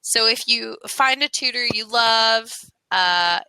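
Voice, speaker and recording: A woman's voice: a little high, slow pace, sharp tone, clear, resonant tone, dry recording, poor audio. An American woman tutoring English on a video call, chatty and laughing often as she gives suggestions. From United States. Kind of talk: casual conversation lesson.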